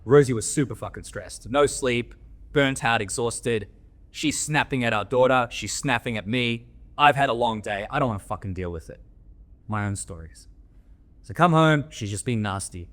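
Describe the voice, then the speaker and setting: A man's voice: mid-range voice, moderate pace, a bit bright. A man from Australia, a podcast guest and men's coach telling candid stories in a blunt, coaching tone and swearing freely. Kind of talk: candid interview storytelling.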